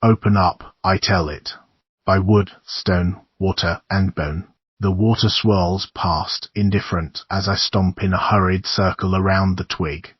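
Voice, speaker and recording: Deep, husky horror narrator man. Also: steady tone, no room sound, muffled recording. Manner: measured, somber storytelling. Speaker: audiobook narrator.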